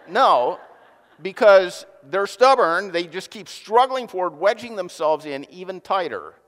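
A man preaching a sermon to a congregation, joking and lively, with asides to the audience. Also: a little high. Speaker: pastor. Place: church hall. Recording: long hall reverb.

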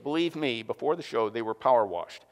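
A man preaching a sermon to a congregation, joking and lively, with asides to the audience. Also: medium pitch, a little fast. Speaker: pastor. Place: church hall. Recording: long hall reverb.

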